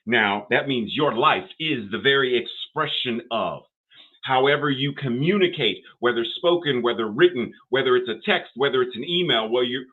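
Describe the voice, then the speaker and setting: An older man delivering a sermon as minister, building rhythmic, repetitive phrases to rising emphasis. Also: medium pitch. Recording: phone-like narrow band audio.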